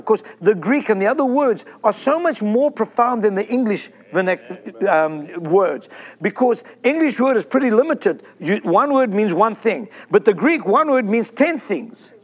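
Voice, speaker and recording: Whooping excited male preacher. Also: sits high. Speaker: pastor. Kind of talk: sermon.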